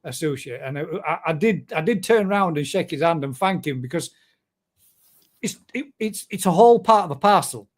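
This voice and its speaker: A man's voice: a little high, animated, brisk. A man with a Northern English accent hosting a casual live chat show, chatty and laughing often, with broad dialect words. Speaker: show host.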